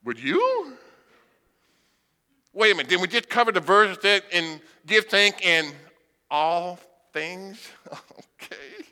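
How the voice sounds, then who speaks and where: A blind preacher's high voice, clean in tone and a little slow, fills a large hall. His sermon weaves in humorous, animated stories with voices acted out.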